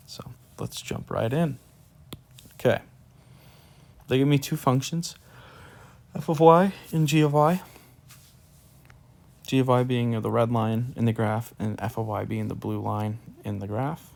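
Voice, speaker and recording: Gravelly-voiced man teaching a math lesson. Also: mid-range voice, steady tone, a little slow, long pauses, a little mellow. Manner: casual, talks through steps as he writes. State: yawning, sleepy. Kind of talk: screen-recorded math lesson.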